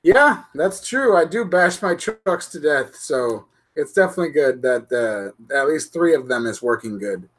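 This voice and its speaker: A man's voice: fairly high pitch, lively intonation, measured pace, few pauses, fairly bright tone. A man hosting an RC hobby show, chatting casually and goofily with his live-stream viewers. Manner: goofy, laughing, chatty with viewers.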